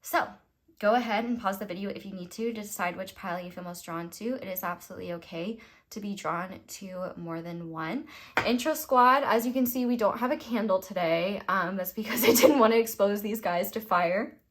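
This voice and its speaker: A woman's voice: medium pitch, normal speed. A young woman reading tarot for her viewers in a casual, rambling way, laughing often at her own jokes. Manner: giggly, rambling, self-deprecating. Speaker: tarot reader.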